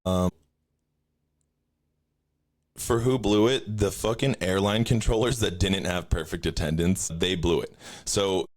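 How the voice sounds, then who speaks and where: Young dude ranting on his podcast, swears a lot, lowish voice that shoots way up when he acts out what he said. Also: measured pace, pauses often. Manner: profane, animated storytelling, jumps high when quoting himself. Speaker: podcast host. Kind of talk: casual rant.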